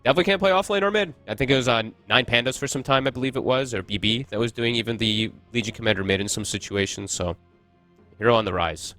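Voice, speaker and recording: A man's voice: mid-range voice, fast, fairly bright tone, faint music behind. A man casting an esports match, chatty and analytical, thinking aloud as he breaks down the picks. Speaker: esports caster. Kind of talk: casual esports commentary.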